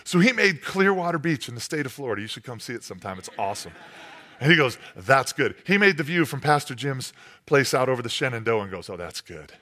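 Male pastor, casual storytelling sermon, bright and animated delivery. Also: medium pitch, fast talker. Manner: lively storytelling with playful character voices; conversational, uses fillers like "like" and "you know".

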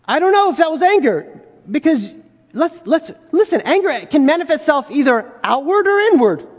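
A man preaches with a strikingly high voice, talking to his congregation casually and firing rhetorical questions at them. His voice rings out with the long reverb of a large hall. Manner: conversational, rhetorical questions, acts out quoted voices. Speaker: pastor. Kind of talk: sermon.

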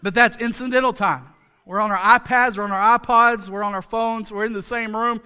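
A male pastor with a high, smooth, sharp voice preaches fairly quickly in a steady tone. He's conversational and joking throughout, stressing points through repetition and peppering the sermon with rhetorical questions and asides for the congregation.

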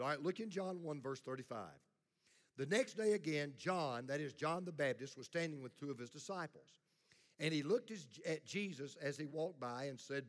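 A man's voice: a little high, expressive, normal speed. A middle-aged male pastor preaching a sermon in a blunt, plain-spoken way, leading the congregation in call-and-response. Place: church sanctuary. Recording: long hall reverb.

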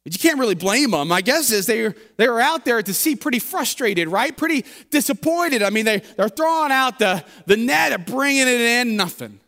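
A male pastor preaches as if telling friends a funny story, his very high voice bright and forceful with lively intonation. He speaks at normal speed with hardly any pauses, and a large church sanctuary's long reverb trails each phrase.

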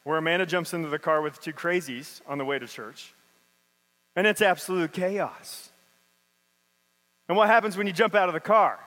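A man's voice: fairly high pitch, normal speed, long pauses, fairly bright tone. A man preaching a sermon in a church, reading scripture and then talking about it in a casual, conversational way. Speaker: pastor. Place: church sanctuary. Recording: long hall reverb.

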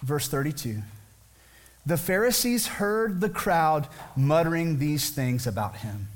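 A man's voice: a little high, animated, a little slow. A man preaching a sermon as pastor, talking conversationally and asking many rhetorical questions.

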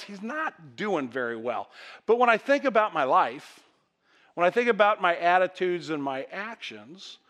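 A man's voice: high voice, a bit bright. A middle-aged man, a pastor, preaching a conversational sermon to his congregation, often stammering and repeating words as he goes. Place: church sanctuary with congregation.

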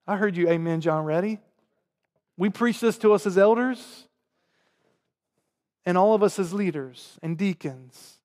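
A man with a Southern US accent, preaching a sermon to his congregation and swinging between loud emphatic lines and quiet, low asides. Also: unhurried, pauses often. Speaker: pastor. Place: church sanctuary. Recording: long hall reverb.

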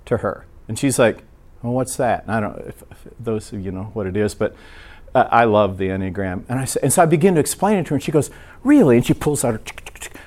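A man preaching, telling a personal story in a relaxed, conversational way and acting out the voices of the people in it. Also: fairly low pitch, fast. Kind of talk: sermon storytelling.

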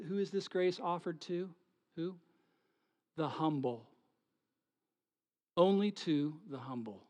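A male pastor preaching a sermon, swinging between hushed, whispered lines and loud, pleading ones, often asking the congregation questions. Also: a little high, takes it slowly, long pauses. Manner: asks the congregation rhetorical questions.

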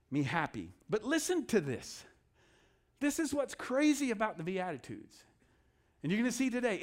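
A male pastor in the middle of a sermon, his voice sitting high and leaping up and down with emphasis. He slips into quick acted-out voices to make his points, then drops back to earnest teaching. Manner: animated preaching, acts out inner voices.

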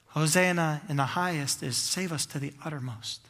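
A male pastor preaching with a high, bright, forceful voice. He stacks clause on clause in fervent, building runs. His voice rings with the long reverb of a large hall. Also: moderate pace, few pauses. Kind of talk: sermon.

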